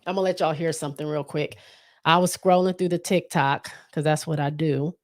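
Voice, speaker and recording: Low-voiced woman hosting a casual podcast. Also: steady tone, brisk, a little mellow. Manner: chatty, loose, many fillers and restarts. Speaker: podcast host. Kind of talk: casual solo podcast chat.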